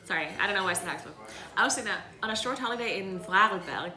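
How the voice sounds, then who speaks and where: A woman's voice: medium pitch, lively intonation, fast talker, crowd noise. A young woman from Tyrol, chatting casually with her stream viewers, laughing often and filling her talk with "like.". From South Tyrol. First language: German (South Tyrolean dialect). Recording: roomy echo.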